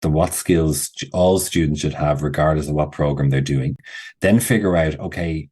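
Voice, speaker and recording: A very deep, husky-voiced man speaks as a guest on an education podcast. He talks thoughtfully and often restarts his sentences while he works out his ideas. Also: normal speed, darkish tone. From Ireland. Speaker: university skills director, guest. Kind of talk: podcast interview.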